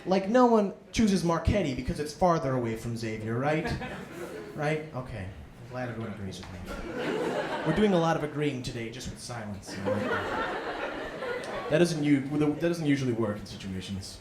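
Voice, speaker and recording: A young man, a student, doing a self-deprecating stand-up comedy set and jumping into excited inner voices, in front of a laughing audience. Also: medium pitch, moderate pace. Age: young adult. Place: live comedy room with audience. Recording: echoey room with background noise.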